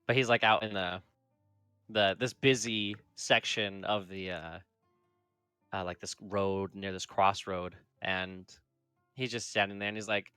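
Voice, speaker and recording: A man's voice: lowish voice, steady tone, sharp tone, clear, resonant tone, no echo. Male game master, rambling narration, dry close sound, faint music behind. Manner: rambling, full of fillers like "like" and "kinda"; shifts into quick voiced quotes for characters.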